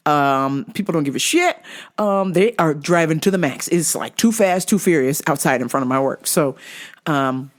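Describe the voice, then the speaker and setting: A woman hosting a podcast, telling a story in a casual, animated, profane way with loud laughs. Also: sits low, normal speed. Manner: animated, profane, laughs loudly, squeals in impressions. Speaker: podcast host.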